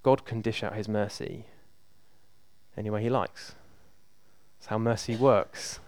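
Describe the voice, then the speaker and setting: Preacher with a smooth, resonant voice. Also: male voice, lowish voice, fairly even intonation, unhurried, a little mellow, no room sound. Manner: conversational, emphatic, repeats for emphasis. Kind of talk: sermon.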